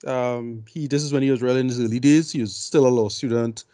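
A man's voice: mid-range voice, steady tone, fast talker, mellow, no echo, studio quality. A man giving blunt, rambling film opinions in a casual podcast chat. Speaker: film review podcast co-host.

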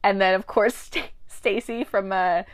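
A woman talks casually about a TV series with a friend. She is animated and quick to act out lines from the characters as she tells the story. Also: mid-range voice. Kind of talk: casual chat about a TV show.

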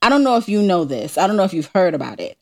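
A woman's voice: fairly low pitch, very animated, fast talker, darkish tone. A woman from Harlem with a thick New York accent, co-hosting a podcast and ranting emphatically in casual chat. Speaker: podcast co-host.

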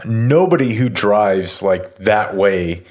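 A man's voice: fairly low pitch, lively intonation, takes it slowly, darkish tone. A man in his thirties telling a story in casual chat, rambling with lots of fillers and swearing. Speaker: podcast host telling a story.

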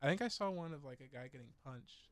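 A man's voice: mid-range voice, lively intonation, quick pace. A young man co-hosting a podcast, chatting casually and teasing his friends. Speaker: podcast co-host. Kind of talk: casual chat.

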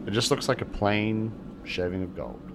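A man narrating as game master for a tabletop game, halting often with fillers and restarts. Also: on the low side. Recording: steady background hiss.

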